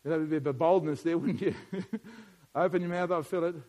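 A middle-aged man preaching a sermon, moving from quiet musing to loud, emphatic preaching. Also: on the high side, fairly quick.

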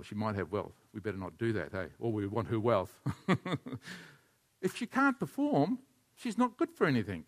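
A man preaching a sermon as a pastor, animated and leading his congregation in call-and-response. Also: medium pitch.

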